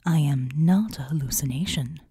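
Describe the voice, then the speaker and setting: A serene female seraph, grave and gentle, speaking low and slow in a breathy half-whisper, as a woman puts her on in an audiobook. The tone is mellow and dry, close to the ear. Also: dry recording, full character voice. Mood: solemn. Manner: hushed, slow, deliberate delivery. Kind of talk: audiobook reading.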